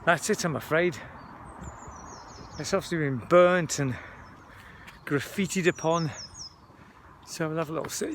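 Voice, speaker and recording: A man's voice: high voice, normal speed, pauses often, a bit bright, slight background noise. A man giving rambling, chatty commentary outdoors on a wooded hill, out of breath as he walks. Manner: chatty, rambling, self-interrupting. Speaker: vlogger. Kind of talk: walking vlog commentary.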